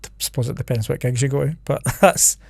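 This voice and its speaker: Gravelly Scottish man, laid-back. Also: medium pitch, quick pace, darkish tone, no echo, clean studio sound. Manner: laid-back, shares researched facts. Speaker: podcast co-host. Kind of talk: casual chat.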